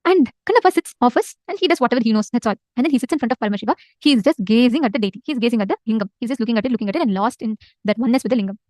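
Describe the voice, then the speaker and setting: A woman retelling a devotional legend in casual spoken style, animated and emphatic, repeating phrases for effect. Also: fairly high pitch, racing, hardly any pauses, dry recording. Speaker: storyteller in a spiritual session.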